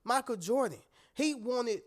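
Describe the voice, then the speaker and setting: This motivational speaker has a very high voice and is animated yet a little slow. Addressing viewers directly, he preaches emphatically and checks again and again that they're with him.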